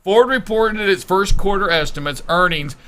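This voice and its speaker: A man co-hosting a live talk show with a high voice and a bright, forceful tone. He teases his partner and keeps the banter playful as he moves between topics. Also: moderate pace. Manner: teasing, playful, animated. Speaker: radio show co-host and producer. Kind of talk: casual joking banter.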